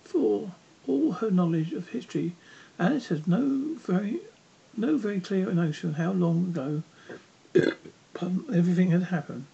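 Halting amateur storybook reader; dark, gravelly tone, muffled lo-fi recording. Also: medium pitch, expressive. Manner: halting, many slips and restarts. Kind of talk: storybook read-aloud. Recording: dull lo-fi with faint noise.

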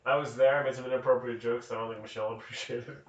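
A man's voice: mid-range voice, fairly even intonation, racing. A man co-hosting a podcast, joking casually about a movie and laughing often. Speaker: podcast co-host. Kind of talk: casual movie review chat. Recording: echoey, distant, lo-fi mic.

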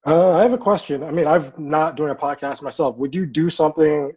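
A man, a comedian, chatting casually as a podcast guest in an easygoing, relaxed way. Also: fairly high pitch, fairly quick, husky.

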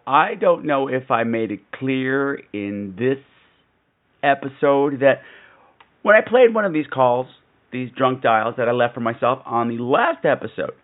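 A man hosting a casual storytelling podcast, animated and campy, gasping for effect. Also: medium pitch, narrow, tinny audio. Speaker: podcast host.

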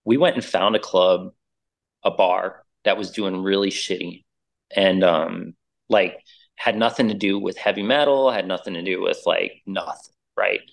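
Animated low-voiced man telling a story. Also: measured pace, gravelly. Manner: animated storyteller, acts out quoted voices, says "like" and "dude" a lot. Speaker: interview guest, musician. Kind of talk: casual storytelling.

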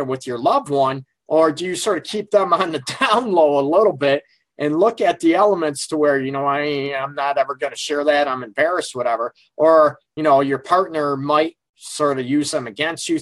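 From his office, a middle-aged man who counsels on relationships hosts a casual live call-in radio show. His slightly high voice has a fairly bright tone with no room sound, and he rambles frankly, using many fillers.

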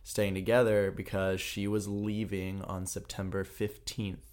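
A man's voice: lowish voice, little pitch movement, a little slow, darkish tone. Laughing, rambling man telling a story. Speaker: podcast co-host. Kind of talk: casual chat. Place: New York.

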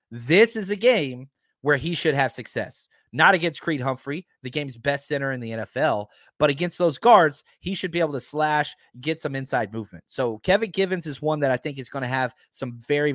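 A man hosting a sports talk show, talking casually and excitedly, stressing his points by repeating them. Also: fairly high pitch, no room sound, studio quality. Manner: excitable, emphatic, keeps repeating himself.

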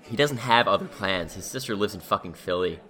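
A man's voice: low-pitched, lively intonation, a little fast, pushed and bright. An actor in a comedy audio drama playing a blunt, sardonic, crude young man.

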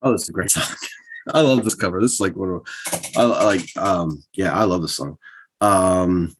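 A man's voice: low-pitched, moderate pace, slight background noise. A man co-hosting a casual podcast chat, speaking in an easygoing, hesitant way with many restarts. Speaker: podcast co-host.

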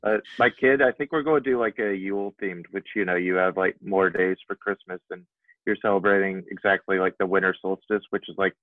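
A man's voice: sits low, steady tone, a little fast, no room sound. A man co-hosting a podcast in casual chat, rambling with lots of fillers and laughing often. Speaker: podcast co-host. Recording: tinny phone-like line.

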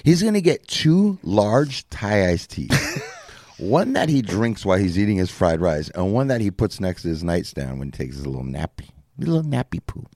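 A man's voice: fairly low pitch, big pitch swings, moderate pace, darkish tone, dry recording. A man co-hosting a podcast in casual chat, making dry quips and agreeing often. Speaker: podcast co-host.

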